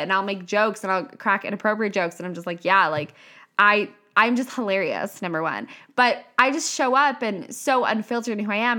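A woman in a casual monologue as an author and coach, animated and profane, often slipping into playful quoted voices. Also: mid-range voice. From half Italian.

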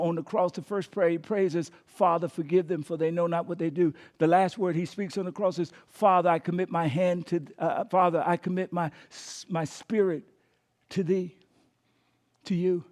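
A man preaching a sermon as pastor, calling on the congregation to repeat words, swinging between emphatic and hushed delivery. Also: on the high side. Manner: preaching with call-and-response prompts to the congregation.

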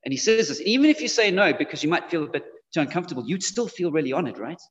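A man's voice: a little high, animated, rapid-fire, a bit bright. A man preaching a sermon in a conversational way, speaking directly to his congregation. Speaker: pastor. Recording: dull lo-fi sound with long hall reverb.

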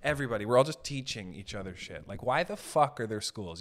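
Profane rambling young man, lively pitch. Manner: profane, rambling, acts out quick voices. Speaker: podcast host. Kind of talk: solo comedic rant.

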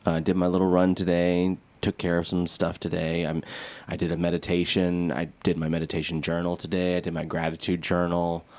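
A man's voice: deep voice, monotone, fairly quick, a little mellow. A young man from co-hosting a podcast, chatting casually, laughing often and poking fun at himself. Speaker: podcast co-host. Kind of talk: casual chat.

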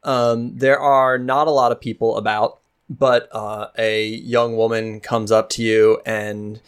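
A man narrating as game master of a tabletop game, talking in a relaxed way with many fillers and restarts. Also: fairly low pitch, a little slow, clean tone.

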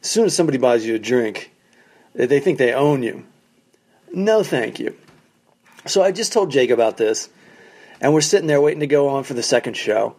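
Wry, profane comedian telling road stories. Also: male voice, medium pitch, normal speed, pauses often, breathy edge. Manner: animated, acts out quoted people in raised voices. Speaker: stand-up comedian, podcast host. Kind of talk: casual storytelling monologue. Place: basement of a condo.

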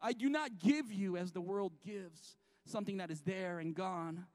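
High-voiced man preaching a lively sermon. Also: normal speed. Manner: lively, jokey preaching with restarts and acted-out quotes. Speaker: pastor. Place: church sanctuary.

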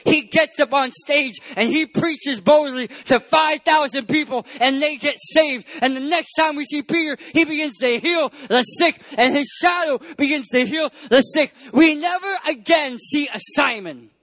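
A male pastor preaching a sermon at a church service, emphatic, swinging between loud and hushed delivery. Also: very high-pitched, moderate pace, few pauses.

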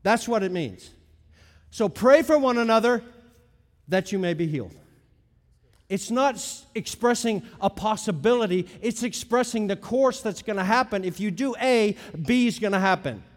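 A middle-aged man with a high voice preaches through a teaching sermon. He leans hard on key words, then drops to softer asides, and his voice rings with the long reverb of a big hall. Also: expressive, normal speed. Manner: emphatic, swings between loud stresses and quiet asides. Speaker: pastor.

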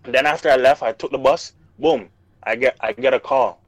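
A man's voice: mid-range voice, steady tone, normal speed, no echo. A young man telling a story in a casual podcast chat, full of slang and acted-out quotes. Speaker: podcast co-host.

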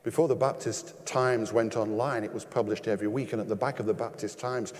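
An older man preaching a sermon as pastor, emphatic, with rhetorical questions and sudden rises in pitch and loudness. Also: fairly even intonation, brisk, big-room sound, a little hiss or hum.

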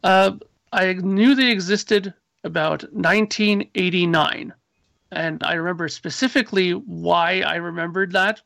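A man in his forties or older, a musician guest, telling animated stories in casual chat and acting out his own past lines. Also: sits high, gravelly, dry recording.

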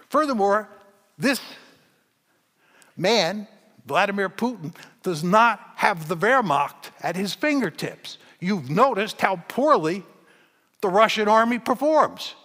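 A man giving a public lecture to an audience, arguing his point forcefully and hammering it home with emphatic repetition. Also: a little high, in a large hall.

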